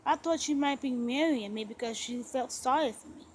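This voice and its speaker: A demure, soft-spoken young wife, read by a woman. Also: sits high, moderate pace, a little hiss or hum, natural voice, low-quality recording. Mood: tender. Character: young wife, shy and tender.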